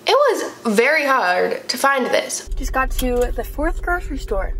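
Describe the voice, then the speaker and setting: A woman's voice: high-pitched, sing-song, moderate pace, few pauses, fairly bright tone. A young woman in her twenties chatting casually to camera as a vlogger, with plenty of fillers. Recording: echoey room with faint noise.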